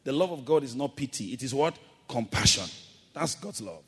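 A male pastor delivering a sermon with call-and-response, shifting between loud exhortation and quiet, drawn-out emphasis. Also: mid-range voice, animated, husky. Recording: long hall reverb.

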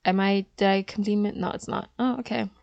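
A woman talks to her viewers in a loose, opinionated chat, often pausing for fillers as she thinks. Her voice sits at an ordinary middle pitch. The sound is dry and close, with no room echo. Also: steady tone, creaky, darkish tone, muffled recording. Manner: chatty and opinionated, with frequent fillers. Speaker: vlogger. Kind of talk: casual chat.

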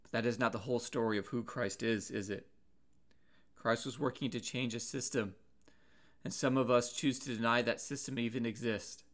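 An earnest man delivering a sermon at a measured pace. His voice sits in an ordinary middle pitch, and he pauses and restarts words as he works through his points. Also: steady tone, fairly bright tone. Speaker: preacher.

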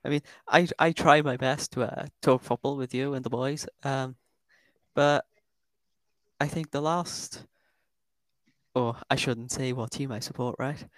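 A man's voice: medium pitch, fairly even intonation, unhurried, long pauses, dry recording. A Welsh man co-hosting a podcast, joking and teasing in casual chat. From Wales. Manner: joking, laughs often, teasing. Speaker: podcast co-host.

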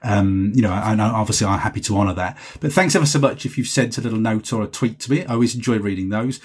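Guy rambling through listener mail on his podcast, kinda husky, laughs at himself a lot. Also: lowish voice, fast talker. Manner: rambling, chatty, self-deprecating. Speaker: podcast host. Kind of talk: solo podcast chat reading listener messages.

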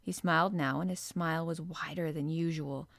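A woman narrating a children's storybook in a measured, expressive reading. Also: sits low, vocal fry, no room sound, studio quality. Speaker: audiobook narrator.

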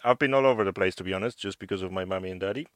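A man's voice: sits low, very fast, a bit bright, dry recording, studio quality. A man in his forties with an Irish accent, chatting casually and rambling with hesitations and jokes. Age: 40s. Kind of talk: casual chat among friends on a call.

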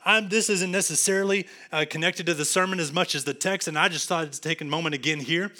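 A man from Texas with a Texan accent, preaching a sermon earnestly, going from emphatic to hushed. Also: on the high side, quick pace. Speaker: pastor.

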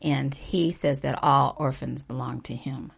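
Very low gravelly-voiced woman. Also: fairly even intonation, unhurried. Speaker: co-author discussing the story. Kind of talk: casual discussion.

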